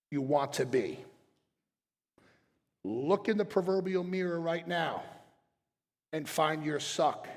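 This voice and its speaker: A middle-aged man speaks from a stage in a large hall, and his words ring out with a long tail of reverb. His voice sits a little high and has a gravelly, fried edge. He talks bluntly and with passion, dropping to quiet reflection and then pushing hard on a point. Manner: blunt, passionate, swings between quiet and forceful. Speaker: chiropractic speaker. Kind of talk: motivational stage talk.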